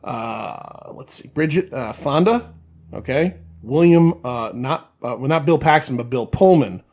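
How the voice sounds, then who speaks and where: A man's voice: medium pitch, lively intonation, a little slow, a little mellow. A man on a podcast as a guest, giving enthusiastic, profanity-laced movie opinions in casual chat.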